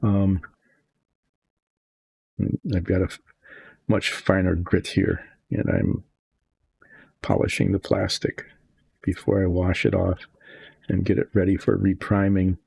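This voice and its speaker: A man's voice: low-pitched, completely flat delivery, slow, vocal fry, long pauses, a little mellow, husky, dry recording. An older man chatting casually as he works on a model, rambling through asides. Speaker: hobby model painter. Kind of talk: casual narration while working.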